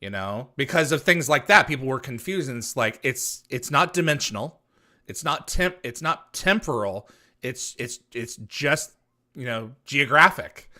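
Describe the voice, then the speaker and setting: Male quiz host, bright tone, swoops around in pitch, jokey banter. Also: a little slow. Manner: animated, teasing banter. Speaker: trivia show host. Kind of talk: live online trivia chat.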